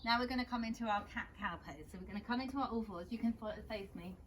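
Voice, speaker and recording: A young woman leads a children's yoga session in a gentle, encouraging way. Her voice sits slightly high. A faint hum of background noise runs underneath. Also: fast talker. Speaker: kids yoga teacher. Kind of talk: guiding a children's yoga class.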